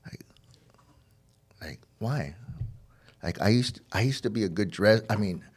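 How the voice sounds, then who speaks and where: A middle-aged man with a very low, deep voice tells his own story of addiction and recovery as a podcast guest. He rambles, doubles back and repeats words, and acts out old conversations in the quoted lines. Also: quick pace. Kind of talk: personal storytelling.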